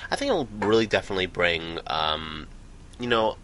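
A man's voice: sits low, big pitch swings, normal speed, fairly bright tone. A man co-hosting a podcast, chatting casually and rambling with frequent restarts. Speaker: podcast co-host. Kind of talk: casual gaming chat.

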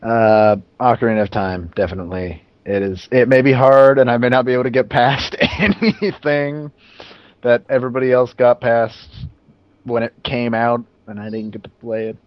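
Man, podcast co-host, low voice, hesitant, dull lo-fi, dry sound. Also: normal speed, no room sound. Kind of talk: casual gaming podcast chat.

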